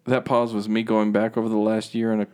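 A man's voice: fairly low pitch, monotone, quick pace, a little mellow, clean tone. A man co-hosts a casual podcast chat. He jokes freely and sounds loose, with his words slightly slurred. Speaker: podcast co-host.

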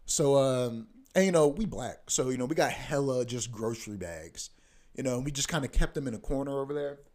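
A man's voice: medium pitch, animated, a little fast, darkish tone. A young man hosting a podcast in a casual, profane, ranting monologue that keeps coming back to "bro.". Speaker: podcast host.

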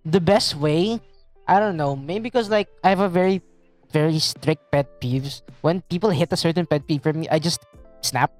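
A man's voice: fairly high pitch, moderate pace, soft background music. A young man co-hosting a podcast, chatting casually in a laid-back, slangy way with plenty of fillers. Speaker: podcast co-host. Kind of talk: casual chat.

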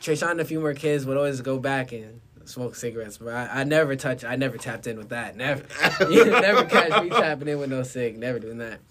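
A man's voice: mid-range voice, animated, a little fast, hardly any pauses, a crowd in the background. Young man, laughing storyteller. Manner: laughs often, switches between quiet mumbling and loud laughing bursts. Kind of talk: casual chat.

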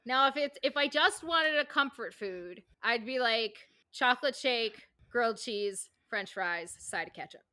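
A woman co-hosting a podcast in casual chat, animated and swearing, acting out silly voices. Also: on the high side, a little slow, hardly any pauses, no echo. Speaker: podcast co-host.

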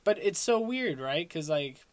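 A man's voice: sits high, big pitch swings, measured pace, dry recording. A young man from Long Island talking in a casual solo podcast, rambling with lots of fillers and restarts. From Long Island, New York. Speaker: podcast host.

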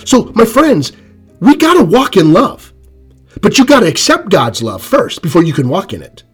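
Husky guy preaching, kinda high voice, keeps hammering the same lines, quiet music in back. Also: wildly swooping pitch, moderate pace. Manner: emphatic, repetitive preaching with sudden loud rises and soft drops. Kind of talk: sermon.

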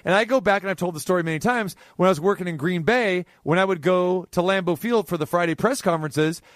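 A man with a high, light speaking voice hosts a radio talk show, spinning a long anecdote and acting out the other people's lines. The sound is close and dry, with no room around it. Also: fast talker, no room sound. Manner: animated storyteller acting out quoted dialogue. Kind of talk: casual storytelling chat.

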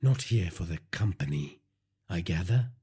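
A man's voice: low-pitched, animated, normal speed, dark tone, husky, exaggerated voice. A man voicing a cold, vengeful vigilante father in an audiobook, terse and emotionless. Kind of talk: audiobook character voice.

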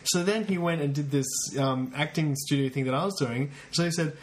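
A man's voice: a little high, a little fast, slight background noise. A man co-hosting a podcast in casual chat, telling stories and acting out quotes in a raised voice. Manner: animated storyteller, acts out quotes in a raised voice. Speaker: podcast co-host.

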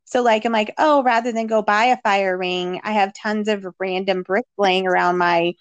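A woman with a mid-pitched voice co-hosts a casual chat. She talks in a relaxed, reflective way, and her voice sounds dry and close. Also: moderate pace, dry recording, highs cut off. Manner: relaxed and reflective, with filler words.

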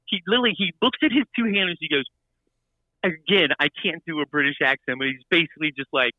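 A man telling a story in casual chat, animated and full of restarts and repeated words. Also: high-pitched, quick pace, dry recording, highs cut off.

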